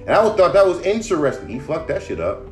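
Dude ranting on his podcast, cussing a lot, kinda high voice, soft guitar in back. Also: huge pitch swings, fast. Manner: profane, emphatic, riffing. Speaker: podcast host. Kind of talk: casual podcast rant.

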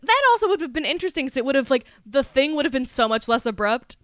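A woman's voice: sits high, expressive, fast, no room sound, studio quality. A woman co-hosting a podcast, recapping a film in casual chat, swearing and acting out the characters' lines with lots of filler words. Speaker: podcast co-host.

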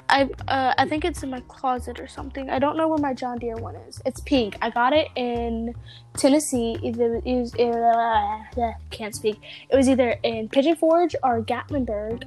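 A woman's voice: a little high, a little mellow. A young woman with a Southern US accent, chatting casually and rambling on a podcast. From American South. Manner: chatty, rambling with many fillers. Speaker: podcast co-host. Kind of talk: casual chat.

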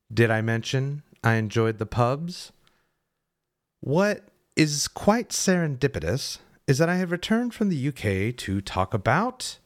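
A male podcast host speaks at an unhurried, deliberate pace, his pitch rising and falling in a lively, animated way. He delivers a solo history monologue peppered with wry, self-mocking asides.

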